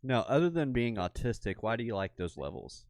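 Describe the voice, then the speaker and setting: A man's voice: mid-range voice, big pitch swings, brisk, a little mellow, dry recording, studio quality. A man hosting a casual trading chat, joking and curious, asking questions. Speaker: host.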